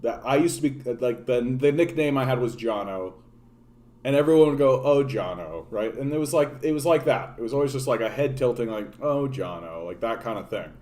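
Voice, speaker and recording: A man from Canada rants casually to his live chat, swearing freely and drifting from point to point with a sardonic edge. His pitch sits squarely in the middle for a man, neither deep nor high. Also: a little fast, darkish tone. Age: adult, grown since his younger days. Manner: profane, sardonic, wandering, talks to chat. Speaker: political livestream host.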